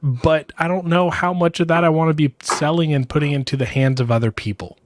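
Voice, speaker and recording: A man's voice: a little high, fairly even intonation, brisk, slight background noise. A man co-hosting a podcast, reflecting candidly in a casual chat. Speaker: podcast co-host.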